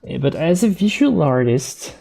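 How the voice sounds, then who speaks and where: Male painter host, relaxed live-stream chat, mellow gravelly voice, unhurried delivery, faint music underneath. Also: fairly high pitch. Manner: soft-spoken, slow, repeats words while painting.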